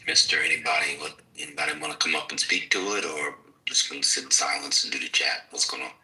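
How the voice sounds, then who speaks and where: A man hosts a loose podcast chat, rambling into long explanations and filling the gaps with "um" and "uh." His voice is very deep yet sharply bright, and it sounds a little distant from the microphone. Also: quick pace. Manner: rambling, lecturing, many fillers. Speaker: podcast host. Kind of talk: casual chat. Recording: voice distant from mic.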